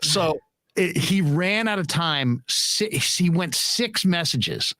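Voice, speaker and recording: A middle-aged man hosts a casual podcast and tells a story with animated energy. His voice is bright and high, with a lively swing, and it is recorded dry and close. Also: slow, no echo. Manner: storytelling, animated, swears freely. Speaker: host.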